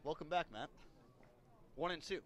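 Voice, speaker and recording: A man calling a baseball game play-by-play with a slightly high voice. He keeps it relaxed and chatty between pitches and lifts it when a play happens. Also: moderate pace. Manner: relaxed, chatty, rises on big plays. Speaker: play-by-play announcer.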